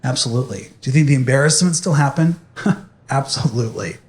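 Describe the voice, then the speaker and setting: A man's voice: mid-range voice, brisk. A young man speaking animatedly to an audience, telling a personal story in a motivational talk.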